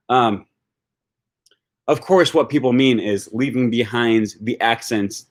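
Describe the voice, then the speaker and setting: A man talking off the cuff on his own channel about learning languages, with many fillers and restarts. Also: fairly low pitch. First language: English. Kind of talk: unscripted video talk.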